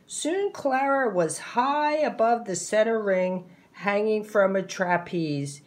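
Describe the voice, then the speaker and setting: A woman narrating a children's picture book aloud, clear and expressive. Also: medium pitch. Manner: slow, clear, expressive storytelling.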